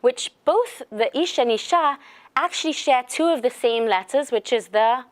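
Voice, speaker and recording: A woman giving a faith lecture to a live group. She talks in a chatty, animated way and weaves stories into her teaching. Her voice sits a little high, with frequent ums and restarts. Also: normal speed. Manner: conversational, animated storyteller. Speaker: religious lecturer. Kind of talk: lecture with storytelling.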